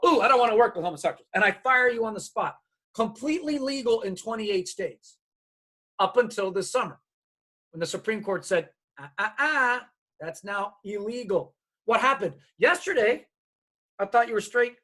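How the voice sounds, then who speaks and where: A middle-aged man giving a diversity workshop, telling stories and acting out the people in them. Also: sits high. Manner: animated, acts out quoted dialogue. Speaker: diversity trainer.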